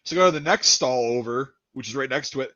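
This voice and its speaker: A man telling a rambling story in a casual chat, animated, laughing and swearing a lot. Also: medium pitch, fast talker. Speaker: podcast host. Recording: dull dry lo-fi sound.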